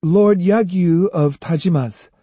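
A man's voice: high-pitched, measured pace, warm tone, slightly rough, no echo, pitched above the performer's own voice. A man voicing an earnest young boy on an errand in an audiobook, speaking plainly and insistently in a lifted voice. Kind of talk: audiobook character voice.

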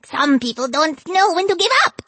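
A man's voice: extremely high pitch, animated, moderate pace, bright, forceful tone, no echo, voice pushed up, full character voice. Yarlin, a sing-song child vampire, voiced by a man. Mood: gloating. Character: sing-song vampire in the shape of a small girl, malicious. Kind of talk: audiobook character voice.

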